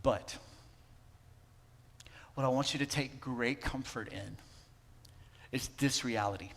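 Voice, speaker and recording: A man preaching a sermon as pastor, talking conversationally and swinging between emphatic lines and hushed ones. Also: mid-range voice, slow, long pauses, in a large hall. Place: church sanctuary.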